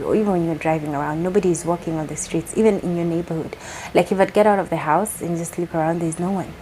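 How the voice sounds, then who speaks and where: A young Kenyan woman talks casually in a soft, low-set voice with a mellow, dark tone. She chats to camera, sliding between English and Swahili slang, over a faint hiss of background noise. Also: rough recording. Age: young adult. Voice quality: soft-spoken. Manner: chatty, switching between English and Sheng Swahili. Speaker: vlogger. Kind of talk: casual chat.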